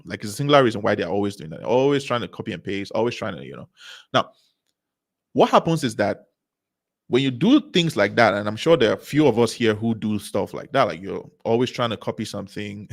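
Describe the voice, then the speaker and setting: At a business seminar, a man gives a motivational talk in a mid-range voice, speaking with emphasis, repeating key phrases and posing rhetorical questions to the audience.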